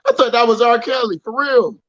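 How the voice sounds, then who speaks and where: A man's voice: extremely high pitch, a little fast, dull audio, crowd noise. A man on a casual chat show, making laid-back wisecracks.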